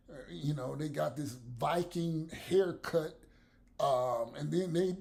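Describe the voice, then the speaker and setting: A man's voice: a little high, gravelly, darkish tone. A man vlogging blunt, profane commentary to the camera, with laughs between his points.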